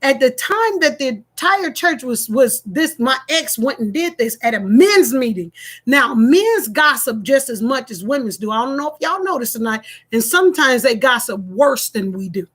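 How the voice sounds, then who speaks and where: A woman's voice: high voice, expressive, moderate pace, a bit bright. A woman speaks straight to her viewers. She is middle-aged and tells a personal story in a casual, emphatic way, repeating her key points and acting out both sides of a phone call. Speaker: vlogger telling a personal story.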